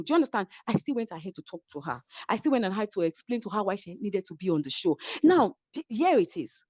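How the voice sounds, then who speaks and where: A woman's voice: mid-range voice, very animated, fast, few pauses, a little mellow, no room sound, highs cut off. A middle-aged Nigerian woman with a Nigerian accent, a reality show guest telling a story in a dramatic way on a remote call. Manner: dramatic, keeps asking "do you understand?". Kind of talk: animated storytelling in an interview.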